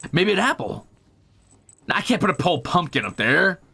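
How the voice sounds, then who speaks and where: A man's voice: high-pitched, very animated, a little slow, creaky, pushed and bright, slightly rough. A man streaming while he draws, chatting casually and rambling, muttering to himself and teasing his cat. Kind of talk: casual chat while drawing.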